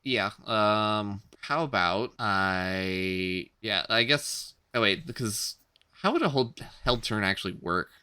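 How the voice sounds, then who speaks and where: Man, tabletop player, low smooth voice, hesitant, dry close sound. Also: slow, sharp tone, dry recording. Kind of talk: casual tabletop play.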